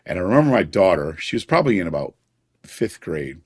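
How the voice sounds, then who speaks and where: A man's voice: deep voice, big pitch swings, fairly quick, darkish tone. A middle-aged man, a podcast guest, telling personal stories in an earnest way and chuckling now and then. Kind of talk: personal storytelling in a conversation.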